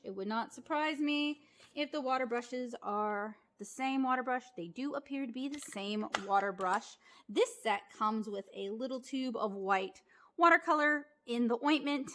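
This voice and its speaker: A woman giving a casual, chatty art supply review, frank with her opinions and quick to laugh a little. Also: on the high side, a bit bright.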